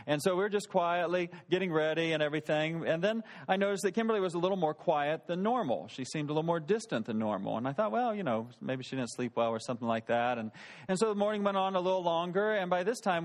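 With a fairly high-pitched voice, this thirty-something pastor tells a story from his own life. His sermon feels easygoing and chatty, and he keeps asking the congregation questions.

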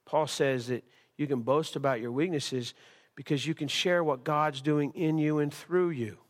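A man's voice: a little high, steady tone, normal speed. A male pastor preaching a sermon at a church service, impassioned, repeating words and restarting phrases.

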